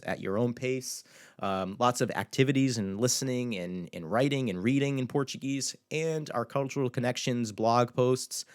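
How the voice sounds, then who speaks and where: A man teaching a language lesson in a loose, conversational way, with filler words, who slowly repeats words to show how they are pronounced. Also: mid-range voice. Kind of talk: casual video lesson.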